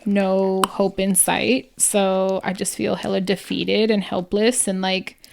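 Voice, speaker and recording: A woman's voice: medium pitch, level tone, takes it slowly, vocal fry, slight background noise. A woman co-hosting a casual podcast chat, speaking in a casual, agreeable and weary way. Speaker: podcast co-host.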